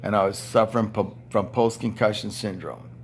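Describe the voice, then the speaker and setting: A man's voice: on the low side, fairly even intonation, moderate pace, slight background noise. A man in his seventies, a retired power plant worker, delivering an angry, blunt, profane monologue indoors at home. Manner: blunt, profane, ranting, with heavy swearing. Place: indoor room at home with TV and fan.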